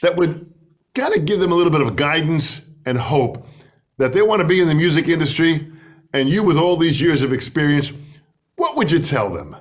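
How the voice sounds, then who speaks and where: A man's voice: a little high, animated, normal speed. A male host asking earnest, encouraging interview questions. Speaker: podcast host.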